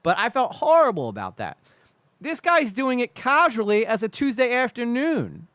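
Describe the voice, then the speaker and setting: A man's voice: extremely high pitch, wildly swooping pitch, normal speed, a bit bright, dry recording. A man streaming live, reacting to a video with indignant, profane rants.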